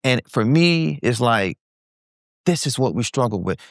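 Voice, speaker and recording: A man's voice: medium pitch, unhurried, dry recording, studio quality. A man in his forties speaking as a guest entrepreneur, telling a candid story in a podcast conversation and acting out the voices he quotes. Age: 40s. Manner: animated, acts out quoted voices.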